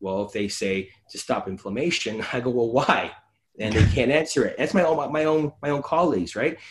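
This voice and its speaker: A man, a physiotherapist hosting a casual podcast chat, animated and acting out his talks with patients. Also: mid-range voice, fairly quick, a little hiss or hum. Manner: animated, acts out conversations with patients.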